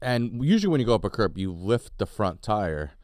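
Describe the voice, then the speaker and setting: A man's voice: on the low side, fairly quick, no room sound, studio quality. A man, a comedian co-hosting a podcast, telling crude stories in casual chat. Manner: crude, animated storytelling with quoted voices.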